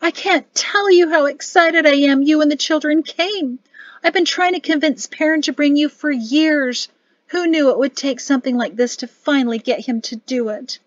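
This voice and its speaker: A woman voicing an elegant woman in her sixties, overjoyed to see her family, talking in a bright, excited voice. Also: fairly high pitch, a little fast, few pauses, dry recording, muffled recording, close to an everyday voice. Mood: gushing. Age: 60s. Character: elegant older mother, overjoyed and fussing.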